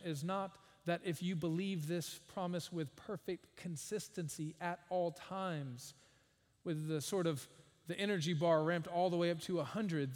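A man's voice: fairly high pitch, a little mellow, in a large hall. A man preaching a sermon as a pastor, earnest and emphatic, with wry asides.

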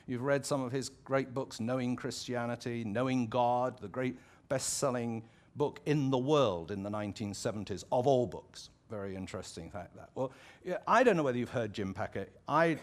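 An English pastor delivers a sermon in a relaxed, conversational manner. His voice sits at an ordinary middle pitch, and he thinks aloud with asides and restarts. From England.

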